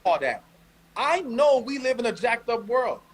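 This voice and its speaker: A man's voice: very high-pitched, very animated, normal speed, breathy edge, poor audio. A man with a New York accent giving blunt relationship advice on a podcast, emphatic and slangy. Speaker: podcast co-host. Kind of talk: casual advice chat.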